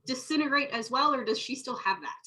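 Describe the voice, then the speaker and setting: A woman's voice: sits high, brisk, sharp tone, low-quality recording. A woman player in a tabletop roleplaying game, talking casually and correcting herself as she goes. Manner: rambling, self-correcting. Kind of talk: casual tabletop play chat.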